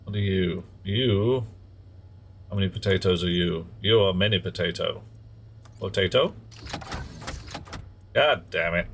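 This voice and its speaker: Male game streamer, lowish voice, casual live chat that mutters at the game, faint noise behind. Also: measured pace, long pauses, a bit bright. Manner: mutters at game objects and chats to viewers.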